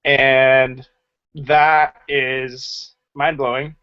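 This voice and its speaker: Drawing out his words, a man co-hosts a channel's casual group video chat, joking around with many fillers. His medium-pitched voice is level and clean in tone, though the video call recording itself is lo-fi.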